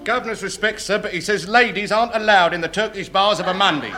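A man voicing a grinning, deferential servant in a comedy sketch, speaking quickly and fawningly. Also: high voice, very noisy, pitched above the performer's own voice, natural voice.

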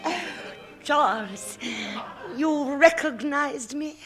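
A woman's voice: high voice, expressive, very slow, over loud music, full character voice. A woman voicing a gushing wife meeting her estranged husband in an old comedy sketch.

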